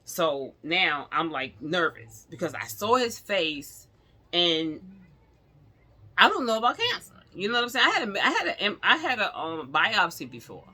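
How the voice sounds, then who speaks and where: A middle-aged woman telling a personal story to camera, animated and talking straight to her viewers, acting out the other people's lines. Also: lowish voice, a little slow. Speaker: vlogger.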